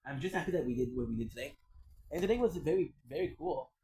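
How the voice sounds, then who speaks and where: A man's voice: a little high, animated, fast talker, dark tone, low-quality recording. A man streaming and chatting casually, rambling and repeating himself with plenty of swearing. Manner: swears freely, rambling and repetitive.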